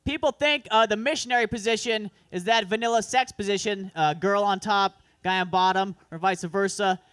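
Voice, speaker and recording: A man's voice: high-pitched, normal speed, fairly bright tone, clear, resonant tone, dry recording. A man performing a crude, self-deprecating stand-up set at an open mic, rambling through asides. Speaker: stand-up comedian. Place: comedy club open mic.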